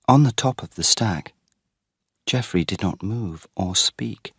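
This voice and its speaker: Man narrating a story, very deep voice, slow pace, lively pitch, dry close mic. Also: dry recording. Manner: slow, clear and expressive. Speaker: story reader. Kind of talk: scripted narration for English learners.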